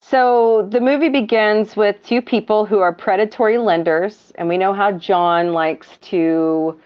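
A woman's voice: mid-range voice, measured pace, clear, resonant tone. A woman hosts a laid-back movie recap, taking her time and drifting between thoughts with plenty of ums. Her voice comes through a dull, lo-fi recording. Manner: rambling, laughs, many ums. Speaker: podcast host. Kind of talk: casual movie recap chat. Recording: dull lo-fi audio.

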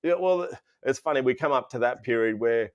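A man's voice: medium pitch, fairly quick, dull audio. A man in his fifties with an Australian accent, a guest in a casual interview, telling a personal story in a rambling way full of restarts and fillers. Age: 50s.

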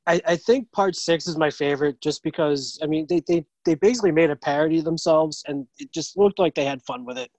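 A chatty man hosting a podcast, friendly and quick to laugh. His voice sits a little high. The recording is dry, with no room sound. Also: darkish tone, no room sound, rough recording. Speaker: podcast host. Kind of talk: casual chat over video call. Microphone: video call.

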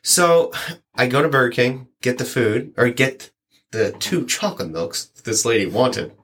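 Man in casual chat, animated storyteller voicing customers' lines. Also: mid-range voice, a little slow. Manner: rambling, animated, acts out quoted lines. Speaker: delivery driver sharing stories.

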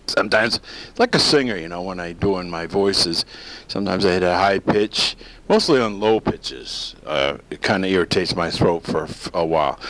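Man, middle-aged, host, casual solo talk, low-ish voice, rambling, joking. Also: a bit bright, rough recording. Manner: rambling, jokey, breaks into silly voices.

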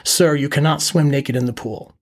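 A man's voice: fairly high pitch, normal speed. A man voicing a male Cuban hotel maintenance worker of about thirty, bold and flirtatious, with a Cuban accent and short, terse lines. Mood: stern.

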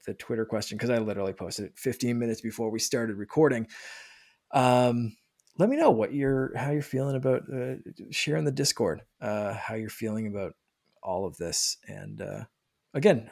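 Casting: male podcast host, gravelly voice, dry close sound, rambling casual delivery. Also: mid-range voice, fairly quick, darkish tone, no echo. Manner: rambling, many fillers and restarts. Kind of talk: casual chat.

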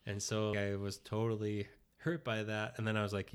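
A man with a fairly low voice tells a long personal story in a loose, conversational way. He leans on fillers and slips into quoted dialogue as he talks. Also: completely flat delivery, moderate pace, smooth. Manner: chatty, many fillers like "like", acts out quoted dialogue. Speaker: interview guest.

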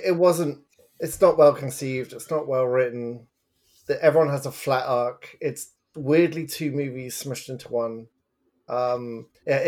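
A man's voice: mid-range voice, darkish tone. A man co-hosting a podcast, giving blunt, dry criticism of a movie in casual chat. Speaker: podcast co-host.

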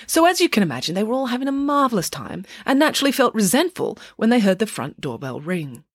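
A woman narrating a children's storybook in a wry, expressive way. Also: a little high, fast talker, husky, dry recording, studio quality. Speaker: audiobook narrator.

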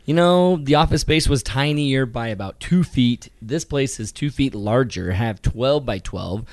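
Man, podcast co-host, animated and laughing, voice still recovering after illness, dry close-miked sound. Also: mid-range voice, a little slow, dry recording. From Utah. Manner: animated, laughs often, voices quoted people. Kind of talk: casual podcast chat. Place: small new home studio.

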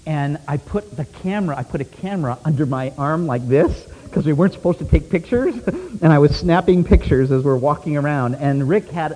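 A man preaching a sermon as a lively story, laughing often and swinging from loud bursts to hushed asides. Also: medium pitch, a little hiss or hum. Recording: long hall reverb.

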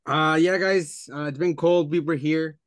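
Young man, podcast host, casual teasing banter, slightly high voice, dry close sound. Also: steady tone, unhurried, dry recording. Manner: teasing, loose banter with fillers.

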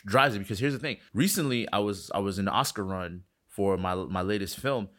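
A man from South Florida, a filmmaker guest telling excitable stories and acting out quotes in an interview. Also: on the low side. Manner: fast, excitable storyteller, acts out quotes. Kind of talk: animated interview talk.

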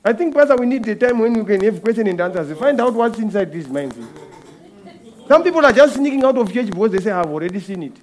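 A man's voice: very high voice, expressive, fast talker. A man preaching a sermon as a guest speaker, talking conversationally, asking rhetorical questions and often repeating words and restarting phrases.

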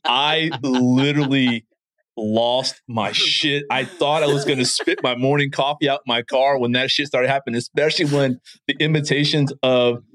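A man's voice: medium pitch, fairly even intonation, moderate pace, a bit bright, no room sound. A man hosting a podcast, talking in casual, profane, rambling chat and laughing often. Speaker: podcast host.

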